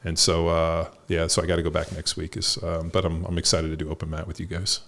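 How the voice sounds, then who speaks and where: A man hosting a podcast, telling a story in blunt, profane, animated casual chat. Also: low-pitched, fast talker, vocal fry. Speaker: podcast host.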